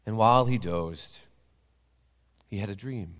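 A man preaching a sermon as a dramatic story, with lively questions and hushed asides, in a church with long reverb. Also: fairly low pitch, a little slow.

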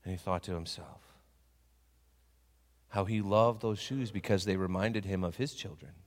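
A man preaching a sermon as a dramatic story, with lively questions and hushed asides, in a church with long reverb. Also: sits low, normal speed.

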